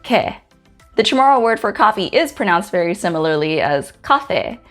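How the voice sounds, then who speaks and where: A woman from Guam hosting a pronunciation lesson, saying each letter slowly and carefully with example words. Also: mid-range voice, sing-song. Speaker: host teaching the Chamorro alphabet. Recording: faint music in the background.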